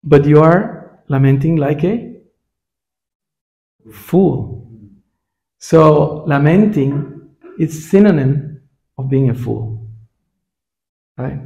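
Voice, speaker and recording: Gravelly man giving a temple scripture class. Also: a little high, drawn-out words, pauses often, dark tone, highs cut off. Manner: frequent "right?" check-ins with listeners.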